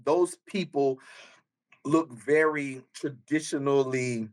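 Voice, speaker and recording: Emphatic American man, mid-pitched. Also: slow pace. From United States. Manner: emphatic, keeps tagging statements with "right?"; lists in repeated phrases. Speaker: podcast guest, speaker on emotional intelligence. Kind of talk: casual podcast chat.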